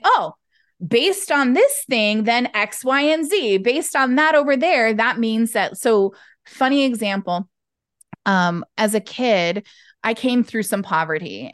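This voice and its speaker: A middle-aged woman guest on a podcast, telling a story casually and with animation, jumping up in pitch to act out childhood voices. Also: no echo, clean studio sound. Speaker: podcast guest, business owner.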